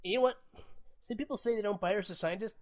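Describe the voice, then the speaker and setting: A man with a high-pitched voice races along as he co-hosts a podcast, casually chatting about films and thinking aloud with fillers.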